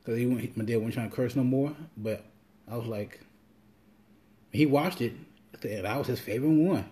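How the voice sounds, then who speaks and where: A man's voice: mid-range voice, normal speed, warm tone. A man hosting a podcast, talking loosely and rambling, swearing freely and acting out quoted lines. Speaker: podcast host. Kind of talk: casual monologue.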